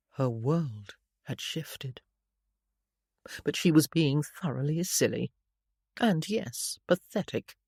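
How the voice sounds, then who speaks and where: Woman narrating a gentle period romance. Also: deep voice, no echo, clean studio sound. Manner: gentle, measured storytelling; soft voices for the father. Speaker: audiobook narrator. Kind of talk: scripted narration.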